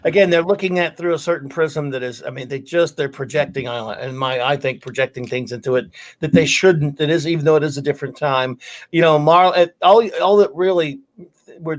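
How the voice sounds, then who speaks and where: A man hosting a podcast in casual talk, agreeing often and pressing his points firmly. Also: a little high. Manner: agreeable, quick affirmations, emphatic points. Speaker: podcast host.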